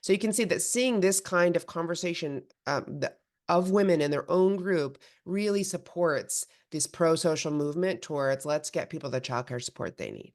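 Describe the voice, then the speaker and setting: A woman presenting her organization's work in a steady, explanatory way, with small restarts. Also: low voice, moderate pace. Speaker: presenter of an advocacy group. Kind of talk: prepared presentation.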